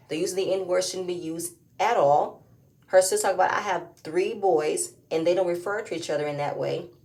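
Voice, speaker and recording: A woman's voice: lowish voice, darkish tone, a little hiss or hum. A woman giving a casual, opinionated recap of a reality show, often rising into emphatic outbursts.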